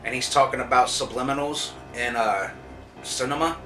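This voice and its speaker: A man's voice: medium pitch, moderate pace, fairly bright tone. A man reviewing a TV episode in a casual spoiler recap, telling the story loosely with frequent swearing and fillers. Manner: loose, profane storytelling with lots of "like" and "uh". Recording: roomy echo, distant mic, faint music.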